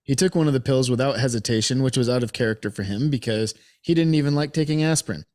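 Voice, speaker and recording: A man's voice: mid-range voice, quick pace, darkish tone. A man co-hosting a casual podcast who narrates the case notes to his friends and often chuckles. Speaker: podcast co-host reading out the case.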